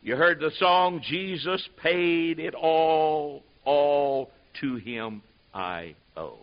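A man's voice: a little high, expressive, extremely slow. Folksy man preaching a lo-fi sermon. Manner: folksy, rising to loud emphatic preaching. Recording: muffled lo-fi sermon recording.

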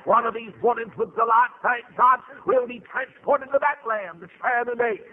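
A man preaching a fervent revival sermon, full of "uh" fillers and rising to shouts. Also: very high-pitched, moderate pace. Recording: tinny phone-like radio broadcast.

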